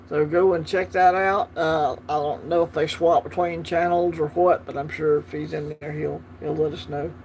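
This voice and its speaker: A man's voice: high voice, a little mellow, a little hiss or hum. A man with a Southern US accent hosting a casual livestream, chatting easily and answering viewer comments as they come in. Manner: chatty, easygoing, talks back to the chat. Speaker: livestream host.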